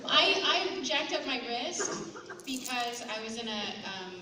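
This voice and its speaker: A woman's voice: high-pitched, expressive, unhurried. A woman chatting at a fan panel, giggly and self-deprecating. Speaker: convention panel guest. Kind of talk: casual chat at a fan panel. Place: large convention hall with audience. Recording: echoey hall, far mic, crowd.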